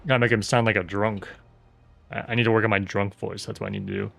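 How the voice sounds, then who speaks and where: Casual game streamer, male, gravelly and wry, faint music behind. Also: fairly low pitch, level tone, quick pace, fairly bright tone, no room sound. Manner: wry, self-mocking asides muttered to himself. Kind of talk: casual gameplay commentary.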